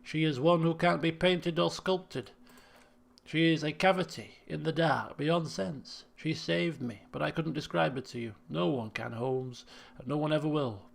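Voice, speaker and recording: A man voicing a burnt-out former addict turned mystic in a video game, speaking slowly in a hushed, solemn tone. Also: on the high side, creaky, full character voice. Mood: solemn, dreamy.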